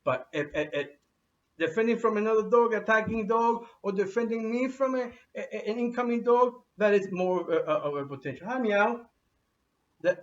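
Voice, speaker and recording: A man giving an unscripted how-to demonstration at home with his pets, talking in a halting way with many restarts and fillers. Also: high-pitched, a bit bright, far from the mic. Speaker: dog owner giving a how-to. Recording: dull lo-fi sound from off mic.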